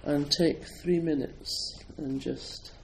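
A Scottish man with a slightly raised voice speaks as a meditation teacher to a live audience. His manner is relaxed and self-deprecating, and he fills his talk with ums and you-knows. A faint hum of room noise sits behind him. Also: on the high side, takes it slowly, rough recording. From Scotland. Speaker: Zen meditation teacher, priest.

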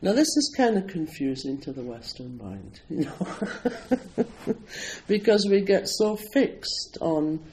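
A man's voice: sits high, very animated, slow, darkish tone, poor audio. A Scottish man, a Zen priest and meditation teacher, giving an informal talk to an audience in a chatty, self-deprecating way, with plenty of ums and you-knows. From Scotland.

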